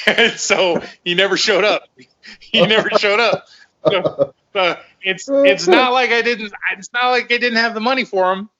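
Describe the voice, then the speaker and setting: A man's voice: sits high, measured pace, dull audio, a crowd in the background. A middle-aged man, a former fighter, telling rambling, profane stories in casual conversation and often repeating himself.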